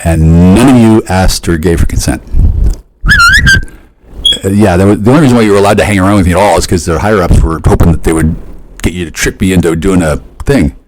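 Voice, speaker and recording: A man in a rambling, profane monologue, often restarting and jumping suddenly up in pitch. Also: quick pace, heavy background noise.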